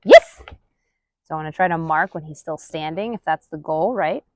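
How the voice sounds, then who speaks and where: A woman dog trainer narrating a training session, murmuring quiet asides and counts, then calling out loud, high-pitched praise to her dog. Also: brisk, slight background noise. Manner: counts softly under her breath. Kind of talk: live commentary during a dog training session.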